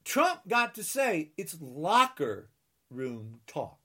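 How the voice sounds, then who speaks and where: A political commentator from New Jersey delivers an angry rant, sarcastic and indignant, repeating mocking refrains and scolding his listeners. His fairly high voice swings hugely in pitch, sounds a bit bright, and moves slowly.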